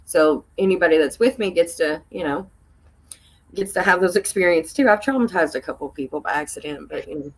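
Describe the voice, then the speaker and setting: A woman's voice: a little fast, slightly rough, low-quality recording. A woman, a podcast guest telling a story casually, laughing often and acting out what people said in a raised voice. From Tennessee. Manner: animated, laughs often, acts out quoted voices in a higher pitch.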